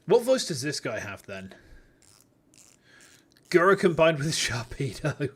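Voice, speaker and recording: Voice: mid-range voice, sing-song, a little slow, long pauses, fairly bright tone, breathy edge. Swearing, laughing game streamer. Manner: joking, swears freely, laughs a lot. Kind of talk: casual let's-play commentary.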